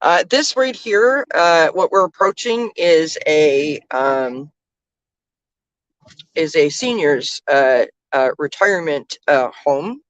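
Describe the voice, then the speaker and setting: A woman's voice: low voice, lively intonation, takes it slowly, no echo, muffled recording. A woman chatting casually from the passenger seat of a moving car, keeping up a running commentary full of fillers. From Canada. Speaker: vlogger, tarot reader. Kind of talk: casual chat while riding in a car.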